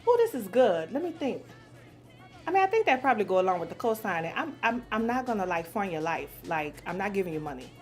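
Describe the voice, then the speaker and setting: A woman's voice: mid-range voice, sing-song, fast, faint music behind. A woman in her forties from New Orleans, answering questions in a blunt, profane casual chat and laughing easily. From New Orleans, USA. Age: 40s.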